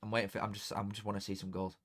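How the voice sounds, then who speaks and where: A young man talking casually to viewers during a football watchalong, chatty and excitable, dropping into flat mutters and jumping to loud outbursts. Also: fairly low pitch, very fast. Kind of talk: casual live commentary to viewers.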